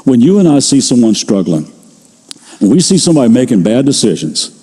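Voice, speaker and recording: An older man preaching a sermon as pastor, telling stories in a conversational way and slowing down to stress key phrases. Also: medium pitch, big pitch swings, warm tone, husky, long reverb tail. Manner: conversational storytelling, slows for emphasis.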